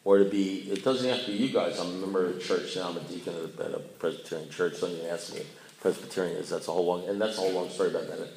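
A man's voice: deep voice, rapid-fire, vocal fry, darkish tone, a little hiss or hum. An older man, a blunt and rambling storyteller, telling his story at a recovery meeting with self-mocking humor. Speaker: AA speaker. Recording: echoey room.

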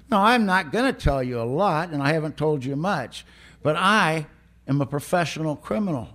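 A man's voice: a little high, lively intonation, fairly quick, a bit bright. A man giving a blunt, streetwise personal testimony at a recovery meeting, often laughing as he talks.

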